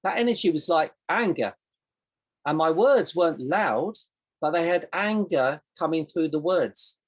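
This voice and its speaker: A woman's voice: low voice, animated, measured pace. A woman teaching a casual online coaching session over a video call, in a loose, rambling way with plenty of examples. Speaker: self-discovery coach.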